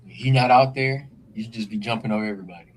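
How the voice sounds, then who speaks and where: A man's voice: medium pitch, rapid-fire, slight background noise, poor audio. A man co-hosting a podcast, talking loose and slangy in joking sports banter. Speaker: podcast co-host. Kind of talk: casual sports chat.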